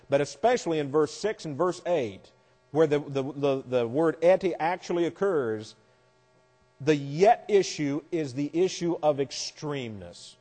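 A man's voice: on the high side, mellow. A man teaching a Bible class lecture, explaining verses step by step with wry asides. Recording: long hall reverb.

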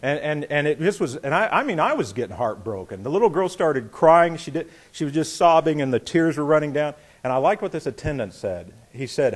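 A man's voice: a little high, fairly quick, few pauses, breathy edge. A middle-aged male pastor preaching a sermon in a conversational way, telling a story and acting out the voices in it. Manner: conversational, animated, acts out quotes.

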